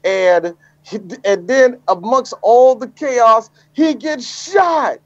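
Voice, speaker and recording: A man's voice: extremely high pitch, slow, no echo, lo-fi sound. A man co-hosting a casual podcast, emphatic and teasing, repeating himself for effect. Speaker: podcast co-host. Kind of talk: casual chat.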